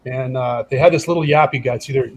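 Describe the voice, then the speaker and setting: Guesting on a podcast, a middle-aged man who was a pro hockey enforcer tells a relaxed story and animatedly acts out the quotes. He's a fast talker with a mid-range voice, recorded in low quality.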